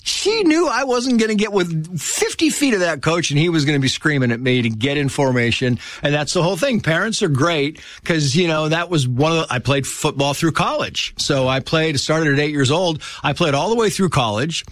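A man's voice: a little high, lively intonation, moderate pace, hardly any pauses, a bit bright, no echo. Male guest, storyteller, acts out quotes, dry close mic. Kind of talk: casual storytelling chat.

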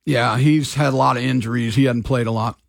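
A man's voice: mid-range voice, steady tone, a little fast, gravelly, no room sound. A man hosting sports talk radio in a loose, rambling, casual way from a studio mic.

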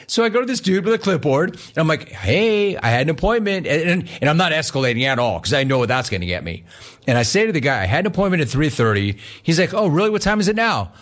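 A man on the radio telling a casual story, acting out the people in it with lively swings in his voice. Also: on the high side, fast talker. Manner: animated, acts out both sides of the story. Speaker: radio host.

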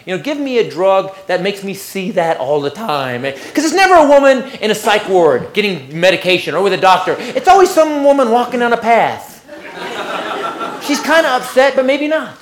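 A man doing a sarcastic stand-up comedy routine, incredulous and shouting his punchlines. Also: high voice, big pitch swings, normal speed, reverberant, noisy background.

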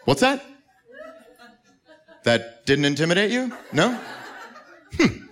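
A man doing a stand-up comedy routine, acting out scenes with animated delivery. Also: high-pitched, slow pace.

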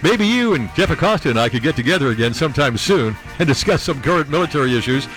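A man's voice: a little high, animated, fast talker, a bit bright, soft background music. A man hosting a talk radio show, sarcastic and rambling, laughing at his own jokes from a studio.

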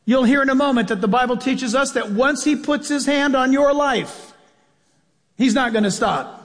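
A man with a notably high-pitched voice preaches in an emphatic, conversational way, driving his points home with repeated phrases. He sounds like a pastor speaking to his congregation. His voice rings out with a long reverb through a large church hall. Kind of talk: sermon.

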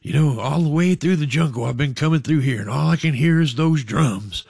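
A man's voice: on the high side, fairly quick, creaky, a little mellow, husky, no room sound, studio quality. A man voicing a weary, thirsty jungle explorer who asks puzzled, pleading questions.

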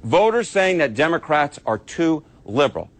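A man's voice: on the high side, big pitch swings, normal speed. A man giving emphatic political analysis on TV, hammering words by repeating them. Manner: emphatic, repetitive. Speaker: political commentator.

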